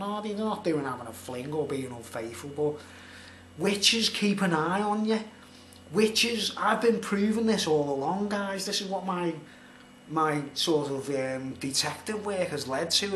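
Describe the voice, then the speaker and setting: A man's voice: a little high, a bit bright. A middle-aged man telling a rambling personal story in a casual vlog, full of "like" and "you know". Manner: rambling, filler-heavy, conversational. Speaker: vlogger. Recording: roomy echo, faint background noise.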